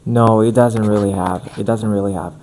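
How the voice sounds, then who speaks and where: A man whose first language is Portuguese, speaking calmly as an accent coach in a podcast interview. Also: on the low side, normal speed, slight background noise. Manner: calm, relaxed delivery with spoken demonstrations.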